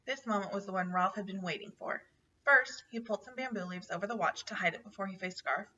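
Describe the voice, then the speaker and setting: A woman reading a children's book aloud with steady storytelling. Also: medium pitch, fast talker, slight background noise. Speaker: narrator. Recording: dull, distant home recording.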